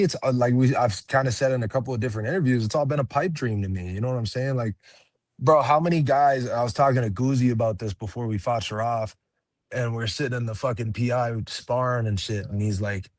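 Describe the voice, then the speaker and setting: Recorded dry with studio quality, this mid-range male voice belongs to a young MMA fighter being interviewed. He's easygoing and casual, laughing often and cursing without restraint.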